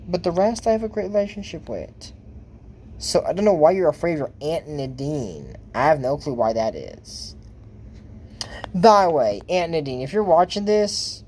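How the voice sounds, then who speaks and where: A man's voice: fairly high pitch, a little mellow, a little hiss or hum. A man giving casual, rambling reaction commentary on a cartoon episode for his YouTube channel, laughing at his own jokes.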